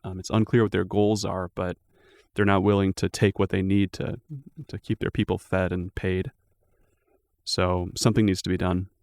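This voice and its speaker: A man narrating a tabletop game as game master, relaxed and loose, with plenty of fillers along the way. His voice sits low with a gravelly fry, and the recording is dry and close. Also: moderate pace, dry recording.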